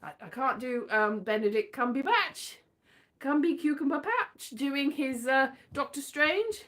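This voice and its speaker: A woman's voice: high-pitched, expressive, a little slow, a bit bright. A woman hosting a casual livestream, chatting in a playful, rambling way with sing-song bursts. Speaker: livestream host.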